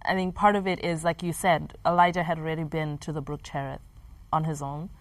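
A woman's voice: low-pitched, level tone, fairly quick, dry recording. A woman, a mother, speaking as a podcast co-host in an earnest, reflective way. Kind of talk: casual chat.

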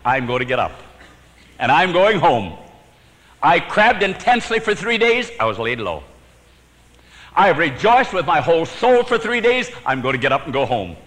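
A man preaching a sermon, telling his own story with sudden swings from emphatic to hushed and chuckling at his own jokes. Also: a little high, sing-song, normal speed, pauses often, long reverb tail, poor audio.

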